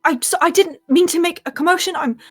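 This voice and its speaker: A woman voicing an exhausted, desperate old woman who pleads in halting, broken sentences, in an actual-play tabletop game. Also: extremely high pitch, faint music behind, pitched above the performer's own voice. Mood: pleading.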